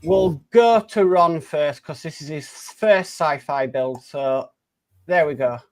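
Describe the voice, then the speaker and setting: A man's voice: on the high side, slow pace. A man hosting a casual live stream, reading out viewer comments in a friendly, chatty way with plenty of filler words.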